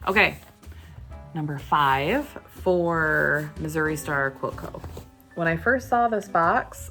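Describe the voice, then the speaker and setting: A woman talks to her viewers in a relaxed crafting vlog, her voice a little low and gravelly. She takes her time and thinks aloud as she goes, with soft music faintly underneath. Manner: chatty, unhurried, thinking aloud. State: hiccups. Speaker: crafting vlogger. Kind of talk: casual chat to viewers.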